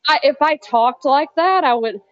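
A talkative woman with a slow Southern drawl, her voice sitting a little high. She comes through a muffled, lo-fi call line, peppering her sentences with "like". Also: a bit bright. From North Carolina, US South. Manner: chatty, upbeat, frequent "like". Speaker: guest, cocktail social media creator. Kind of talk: casual interview chat.

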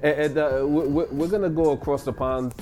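A man with a Puerto Rican accent co-hosting a radio talk show, easygoing and halting, with many fillers. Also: fairly high pitch, fairly even intonation, darkish tone. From Puerto Rico. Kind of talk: casual banter on a radio show.

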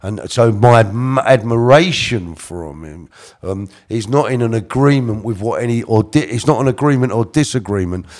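Here a middle-aged man tells a loose, meandering story as an interview guest, fixing his own words as he goes and lapsing into quoted voices. His mid-range voice has a darkish tone and lively intonation, delivered at normal speed with few pauses.

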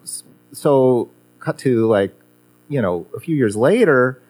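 A man's voice: medium pitch, expressive, takes it slowly, a little mellow. A man, a former guitar teacher, reminiscing in casual conversation, rambling with many fillers and restarts.

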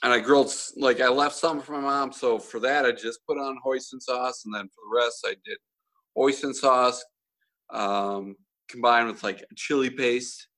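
A man's voice: medium pitch, steady tone, moderate pace, fairly bright tone. A man on a podcast, telling a story in casual chat, swearing and laughing often. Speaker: podcast host.

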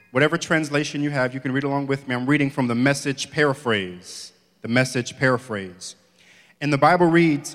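A male pastor preaching a sermon, with a rhythmic delivery that builds into shouted calls. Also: medium pitch, normal speed, soft background music. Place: church sanctuary. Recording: church with long reverb.

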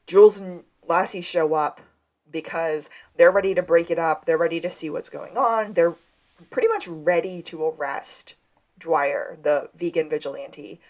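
A woman co-hosting a podcast, chatting casually as she recaps an episode and laughs along. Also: low voice. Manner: chatty, quick to laugh, acts out quotes. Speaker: podcast co-host.

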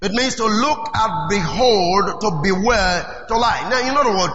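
A man preaching a sermon as pastor, emphatic and calling out to his congregation, now and then shouting key lines. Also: sits high, lively intonation, a little slow, few pauses. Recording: roomy hall echo, dull lo-fi sound.

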